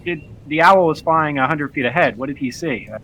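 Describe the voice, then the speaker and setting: A man's voice: fairly high pitch, a little fast, sharp tone, slight background noise, poor audio. A man playing a tabletop game who chats casually and keeps asking questions. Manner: inquisitive, asks rule questions. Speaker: player.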